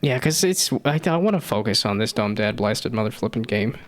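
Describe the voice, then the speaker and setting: A man in his thirties talks loosely to his stream, wandering from thought to thought with a lively, bouncing pitch. He pokes fun at himself and laughs easily, with faint music running underneath. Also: a little fast. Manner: rambling, self-deprecating, laughs often. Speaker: streamer and hobby game developer. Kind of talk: casual live-stream chat.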